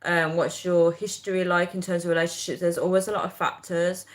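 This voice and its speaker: Girl vlogging, chatty, rants and laughs a lot, lowish voice. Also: flat delivery, a little fast. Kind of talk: casual chat to viewers.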